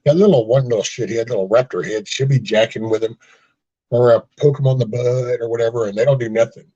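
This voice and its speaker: A man's voice: medium pitch, steady tone, a little fast, dark tone, dull audio. A man hosting a casual chat, rambling through folksy stories with mild cursing and acted-out quotes. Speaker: host of a casual live chat.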